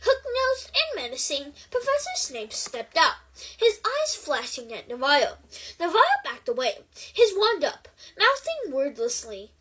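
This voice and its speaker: High, lively woman reading a story. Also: measured pace, rough recording. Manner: expressive storytelling. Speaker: book reader. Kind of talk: reading a novel aloud.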